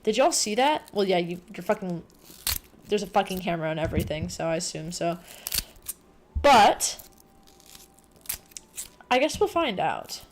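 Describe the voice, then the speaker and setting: A woman streamer chatting casually to her viewers, rambling, excitable and full of swearing. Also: lowish voice, unhurried, long pauses, a little hiss or hum. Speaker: livestreamer. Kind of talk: casual livestream chat.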